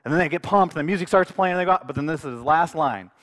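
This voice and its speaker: Animated pastor preaching in a reverberant hall. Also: male voice, a little high, fast talker. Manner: storytelling, builds to loud excited outbursts. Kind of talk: sermon.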